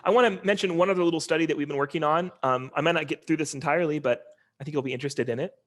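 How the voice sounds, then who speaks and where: A man giving an informal linguistics lecture over a video call, talking in a relaxed, conversational way with many ums and uhs. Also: on the high side, very fast.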